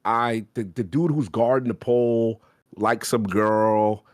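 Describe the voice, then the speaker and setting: A man's voice: on the low side, fairly even intonation, slow pace, no room sound, clean studio sound. A man co-hosting a podcast, laid-back and slangy, talking casually about games. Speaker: podcast co-host.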